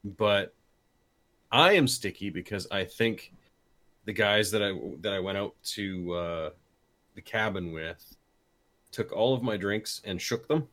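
A man co-hosting a casual podcast, deadpan and fond of repeating phrases for comic effect. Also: lowish voice, measured pace, long pauses. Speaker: podcast co-host.

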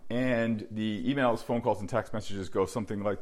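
A middle-aged man hosting a podcast and coaching baseball, talking bluntly and earnestly, often dropping low and quiet to stress a point. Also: fairly even intonation, moderate pace, hardly any pauses.

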